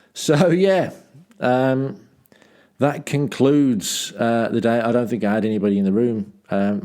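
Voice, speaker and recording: A man's voice: mid-range voice, a little mellow. A man from Dudley reading his travel journal aloud as a podcast host, with wry self-mocking asides and rambling ums and restarts. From Dudley, England.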